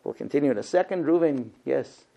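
A male teacher leads a Bible class, retelling the story with animated, lively storytelling. He often stops for rhetorical questions. His voice sits fairly high for a man. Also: fairly quick, creaky, dull audio.

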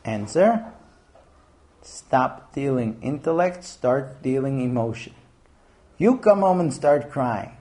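Male class teacher, animated and lively in pitch, dark mellow tone. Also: slow pace, long pauses. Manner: animated, acts out scenes in different voices. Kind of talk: lecture to a class.

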